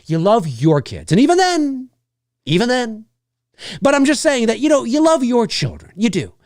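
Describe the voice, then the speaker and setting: A man hosts his own livestream show and rants in a casual, exasperated way, dropping curse words freely. His pitch leaps and dips all over the place as he acts out noisy children. The sound is close and dry, with no room echo. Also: normal speed. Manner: animated, exasperated, swears freely, mimics noisy kids. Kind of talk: casual ranting monologue.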